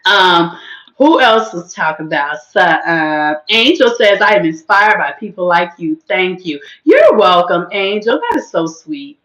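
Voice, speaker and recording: A woman hosting a casual livestream, chatting to her viewers in an animated, churchy manner while her voice is just recovering. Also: lowish voice, unhurried, echoey room, poor audio. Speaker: host.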